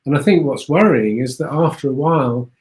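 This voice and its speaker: A man speaking as an interview guest, rambling along with halting, repeated words. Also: medium pitch, animated, a little mellow. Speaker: guest explorer. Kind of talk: conversational interview.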